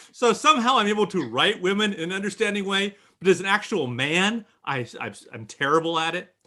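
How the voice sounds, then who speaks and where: Man, bright and fairly high voice, animated panel talk, video call. Author chatting, joking. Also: fairly quick, few pauses. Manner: animated, mock-indignant, joking. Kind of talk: casual panel chat.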